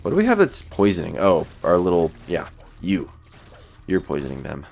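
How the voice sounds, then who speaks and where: A man casually commenting while playing a video game, thinking aloud about his choices in a relaxed, sleepy way. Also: deep voice, normal speed, vocal fry. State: sleepy, yawning. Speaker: gaming YouTuber. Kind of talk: let's play commentary.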